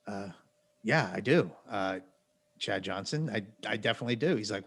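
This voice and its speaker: A man's voice: lowish voice, lively intonation, moderate pace, fairly bright tone, breathy edge. A man co-hosting a podcast, telling a long story in a rambling, wry way full of self-corrections and asides. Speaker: podcast co-host. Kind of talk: casual storytelling.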